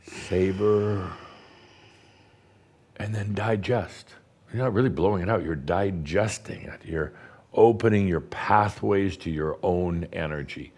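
Low-voiced guy doing a guided breathing talk, teasing and playful, drags out words for emphasis. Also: slow pace, darkish tone, breathy edge. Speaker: spiritual teacher leading a group.

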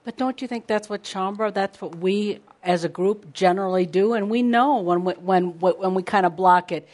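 A woman co-hosting a casual spiritual discussion, speaking in an earnest, measured way. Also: mid-range voice, darkish tone. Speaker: co-host. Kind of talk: casual chat and reading a quoted passage aloud.

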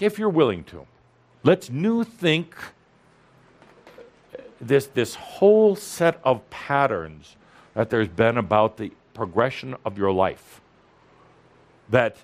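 Man giving a teasing spiritual talk. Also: sits low. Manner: playful, provoking, repeats for emphasis. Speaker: spiritual teacher addressing an audience.

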